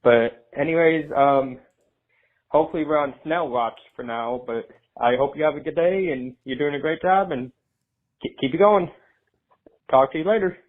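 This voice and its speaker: A man's voice: a little high, moderate pace. A man calling in to a fan show, friendly and hesitant, with many ums. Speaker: caller. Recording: tinny phone line.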